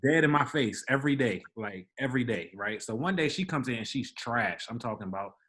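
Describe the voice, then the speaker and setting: Animated young man telling a story. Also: mid-range voice, fairly quick. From Washington DC area, Maryland. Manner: animated storyteller, acts out quoted voices. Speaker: podcast co-host. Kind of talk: casual storytelling chat.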